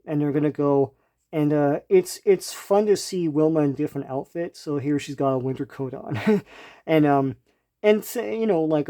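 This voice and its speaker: A man's voice: a little high, mellow. A man casually retelling a comic book story as a reviewer, rambling with many ums and restarts. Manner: laughs lightly between remarks.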